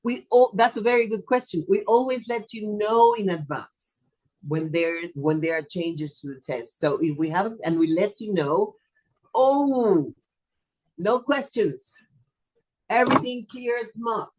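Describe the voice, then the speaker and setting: A hoarse presenter, fighting a cough, wraps up an online teacher webinar in a loose, playful way. They joke at their own expense. The voice comes through a computer mic on a video call. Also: medium pitch, a little slow, a little mellow, poor audio. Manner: chatty, playful and self-deprecating. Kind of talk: casual online webinar wrap-up. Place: video call from a home or office.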